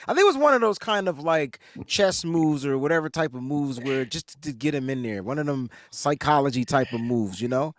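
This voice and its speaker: A man's voice: mid-range voice, lively intonation, normal speed, hardly any pauses, dry recording, studio quality. A man co-hosting a casual sports podcast, joking and laughing as he teases the others. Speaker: podcast co-host. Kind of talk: casual chat.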